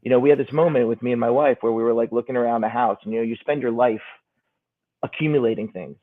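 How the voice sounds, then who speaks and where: A middle-aged man talks fast in a mid-range voice, calling in as a guest from a hotel room. He speaks earnestly and reflectively in a casual chat, and the call audio sounds tinny, like a phone line.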